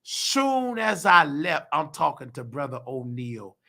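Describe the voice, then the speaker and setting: A hoarse man hosting his own show, ranting heatedly and preaching to the listener, acting out the people he quotes. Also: on the high side, sing-song, slow pace, pushed and bright. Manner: preachy, heated, acts out quoted voices, calls listener baby. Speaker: show host. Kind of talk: animated personal rant.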